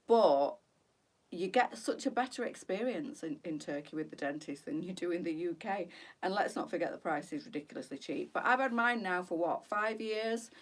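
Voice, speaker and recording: A woman's voice: mid-range voice, recorded from a distance. A British woman hosting a boutique live stream, chatting casually and wandering off on tangents.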